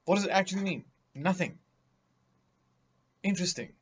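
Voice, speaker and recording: A man's voice: sits high, normal speed, breathy edge, highs cut off. A man giving a vocabulary lesson, speaking emphatically and theatrically, mocking vague words with acted examples. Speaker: teacher.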